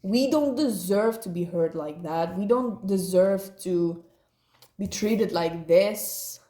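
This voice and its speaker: A woman leads a casual spiritual reading at an unhurried pace. Her voice is mellow and a little dark, and she rambles and slips in slang as she goes. The sound echoes around a roomy space. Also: medium pitch. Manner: rambling, laughing, slangy ("bruh", "eh"). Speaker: tarot reader.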